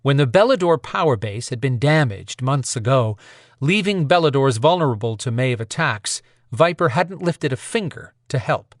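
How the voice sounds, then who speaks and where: A man giving steady, measured scripted audiobook narration at a close mic. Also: medium pitch, dry recording.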